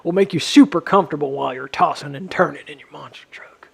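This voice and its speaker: Man as a mock ad announcer, half-whispered, slow, gravelly, somewhat high. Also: a bit bright, heavily acted. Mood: salesy. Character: man as smooth luxury monster truck ad announcer. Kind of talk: mock commercial pitch.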